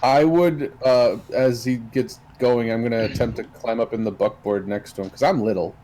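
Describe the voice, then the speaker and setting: A man playing a tabletop game, tossing out jokes and quick quips. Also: medium pitch, fairly even intonation, mellow, slight background noise. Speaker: player. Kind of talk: casual tabletop play.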